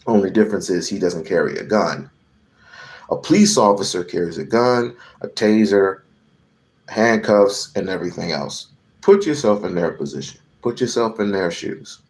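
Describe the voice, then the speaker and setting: A man's voice: deep voice, animated, moderate pace, darkish tone. A man giving a heated political rant to camera, profane and emphatic, hammering on repeated phrases. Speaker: political commentator.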